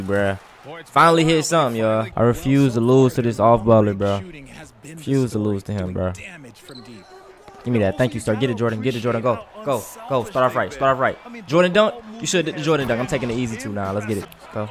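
A man gives excitable, trash-talking commentary while playing a basketball video game, swearing often. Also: on the low side. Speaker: gaming streamer. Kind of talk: casual gameplay commentary.

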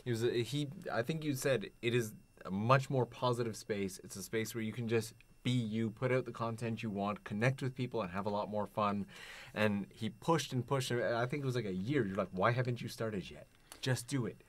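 A man's voice: mid-range voice, moderate pace. A man hosting a casual live stream, reading viewer comments aloud and chatting with his guests.

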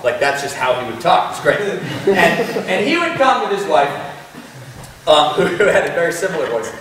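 A man giving a keynote speech, telling a story in an animated way, laughing often and repeating words. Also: mid-range voice, a little fast, crowd noise. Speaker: keynote speaker. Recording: echoey hall, mic from a distance, faint noise.

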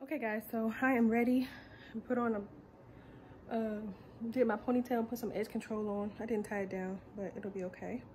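A woman's voice: a little high, level tone, a little fast, dark tone, a little hiss or hum. A young woman chatting casually to her viewers in a vlog, bubbly and talkative, filmed on a handheld phone. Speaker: vlogger.

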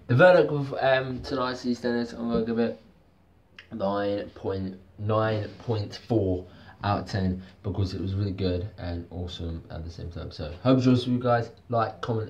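A man's voice: fairly low pitch, darkish tone, slight background noise. A man giving a casual video review, rambling and repeating himself, with plenty of fillers. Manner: rambling, repetitive, lots of fillers. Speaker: TV soap reviewer.

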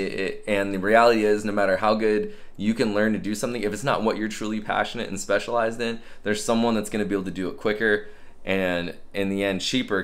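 A man who works as a fitness trainer, talking candidly and reflectively in a casual self-help vlog. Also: fairly low pitch. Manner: candid, reflective, conversational with fillers.

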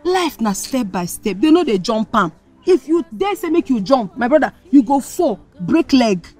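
A woman's voice: a little high, very animated, normal speed, a little mellow, faint music behind. A woman with a Nigerian accent, giving soothing advice in film dialogue. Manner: lecturing, soothing. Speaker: advising friend.

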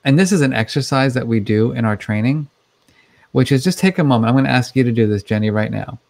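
A man's voice: mid-range voice, quick pace, gravelly, darkish tone. A man speaking as a guest expert in a conversational interview, explaining things in a chatty way with many fillers.

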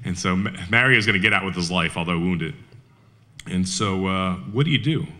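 Man with a low, forceful voice. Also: normal speed. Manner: animated, with rhetorical questions and frequent restarts. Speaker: speaker at a Veterans Day event. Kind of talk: storytelling history talk.

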